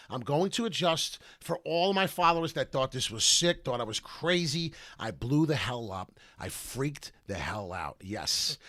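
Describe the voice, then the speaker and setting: A man hosting his own crypto channel, ranting loudly with heated swings between shouting and quieter apology. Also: on the high side. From Italian heritage. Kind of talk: ranting vlog.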